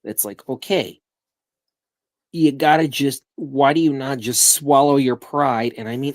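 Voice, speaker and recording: A man co-hosting a casual sports show over a video call, rambling in an animated way and swearing now and then. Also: medium pitch, measured pace, no room sound, studio quality. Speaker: co-host.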